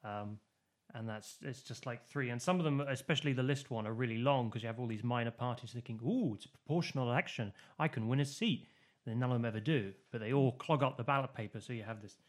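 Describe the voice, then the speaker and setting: A man's voice: medium pitch, steady tone, fast talker. A man co-hosting a podcast, explaining voting and polls in a casual, rambling way with many fillers and restarts. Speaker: podcast co-host. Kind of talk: casual political chat.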